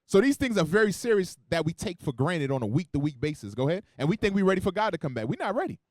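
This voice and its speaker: A man preaching to his congregation at a rapid clip, his pitch leaping all over as he jokes and then drives his point home. He calls out verses for someone else to read, swinging between loud emphasis and quiet, muttered asides. The sound is close and dry. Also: big pitch swings, no echo. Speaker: preacher teaching a Bible class. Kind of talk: sermon with call-and-response scripture reading.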